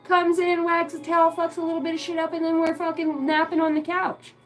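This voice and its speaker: Giggly, crude woman with a high voice. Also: monotone, a little fast, low-quality recording. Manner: crude, giggly, swears a lot. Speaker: livestream host. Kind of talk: rambling live-stream chat.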